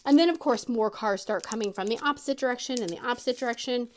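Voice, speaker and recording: A woman hosting a crafting channel, casually telling a story with laughter and quick voiced-out quotes. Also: a little high, a little hiss or hum. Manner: animated, laughing, quoting others in a raised voice.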